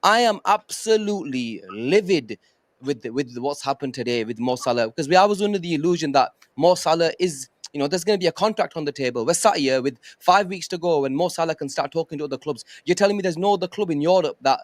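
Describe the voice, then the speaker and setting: Fired-up fan panelist, high voice, dry close sound, emphatic and swearing. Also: male voice, fast talker, hardly any pauses, no echo. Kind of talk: heated podcast rant.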